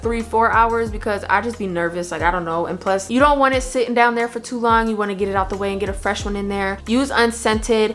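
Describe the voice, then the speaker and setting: A woman's voice: medium pitch, a bit bright. A young adult woman giving blunt, emphatic advice in a casual vlog, scolding her viewers and stressing her points. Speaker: vlogger. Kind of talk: casual advice talk to camera.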